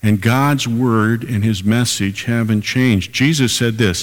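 A man's voice: mid-range voice, slow, few pauses, big-room sound. An older man preaching a sermon as pastor, emphatic and repeating key lines for weight.

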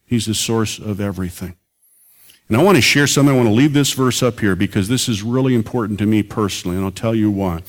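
A man's voice: fairly low pitch, fairly quick. A man preaching a sermon as pastor and radio preacher, earnest and building to emphatic peaks.

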